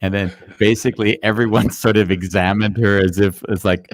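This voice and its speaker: A man's voice: lowish voice, fairly even intonation, a little fast, no echo. A man hosting a live interview, chatting casually and rambling with many fillers. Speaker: podcast host.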